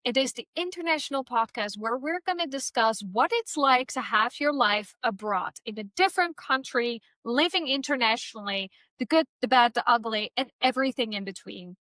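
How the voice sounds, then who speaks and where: A woman's voice: fairly high pitch, animated, moderate pace, few pauses, bright, forceful tone, no echo. A woman hosting a podcast, giving a friendly welcome and introducing her guest in a casual chat. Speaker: podcast host.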